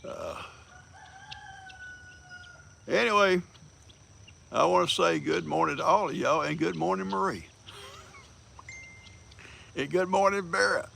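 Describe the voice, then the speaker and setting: A man's voice: fairly high pitch, slow, vocal fry, long pauses, sharp tone, a little hiss or hum. An older man, hosting a casual livestream, folksy and teasing, laughing often as he greets viewers. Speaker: livestream host.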